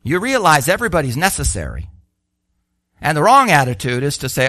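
A man preaching a sermon, animated and full of rhetorical questions, acting out the voices he quotes. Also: on the high side, brisk, dry recording, clean studio sound.

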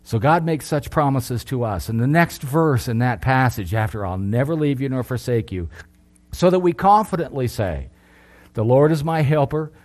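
A middle-aged man preaching a sermon, earnest, lifting his voice for emphasis and then dropping low. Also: animated, normal speed, a little mellow.

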